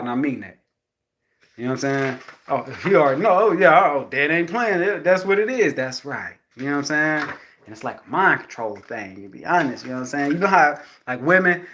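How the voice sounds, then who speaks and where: Guy with a kid rambling to his viewers, cussing, slightly high voice, keeps saying you know what im saying. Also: animated, normal speed, muffled recording, slight background noise. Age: adult with a young son. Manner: acts out quoted voices, jumping high and loud. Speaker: vlogger speaking to viewers. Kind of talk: casual monologue to camera.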